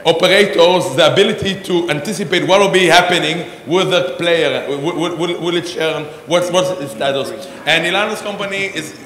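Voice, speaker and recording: A man's voice: fairly high pitch, normal speed, hardly any pauses, a bit bright. Man introducing a panel, echoey hall. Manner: rambling with many fillers and restarts. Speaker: conference host. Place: large conference hall. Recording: echoey hall with a long reverb.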